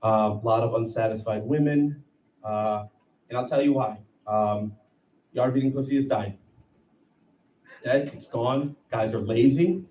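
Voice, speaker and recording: A man in his thirties doing a profane, animated stand-up set on a comedy club stage. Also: mid-range voice, a little slow, pauses often. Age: 30s. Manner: profane, animated, acts out voices. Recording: echoey room, heard from a distance. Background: audience laughter and room noise.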